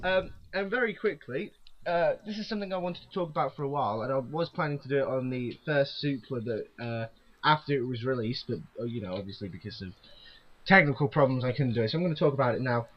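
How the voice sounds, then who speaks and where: A man's voice: mid-range voice, lively intonation, fast talker, lo-fi sound. A young man co-hosting a podcast, chatting casually and laughing a lot through jokey banter. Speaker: podcast co-host. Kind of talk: casual chat.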